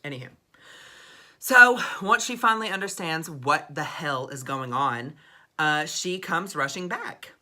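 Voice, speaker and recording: Young guy spilling a wild story, bright sharp voice, dramatic and swearing a lot. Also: a little high, measured pace. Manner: dramatic, expressive, swears freely. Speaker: vlogger. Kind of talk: storytime vlog.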